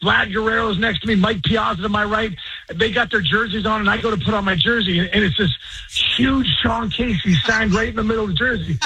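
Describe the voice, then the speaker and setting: A high, bright male voice, very rough and raspy with gravelly fry. He is a former ballplayer on a radio show, telling animated stories at full excitement. He stumbles over repeated words and slips into quick impressions of the people he quotes. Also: poor audio. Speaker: guest, former pro ballplayer.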